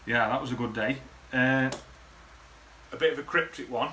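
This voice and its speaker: A man's voice: mid-range voice, moderate pace, bright, forceful tone, slight background noise. A man, rambling through casual, sweary memories in a laddish way to the camera. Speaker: vlogger. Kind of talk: casual reminiscing monologue.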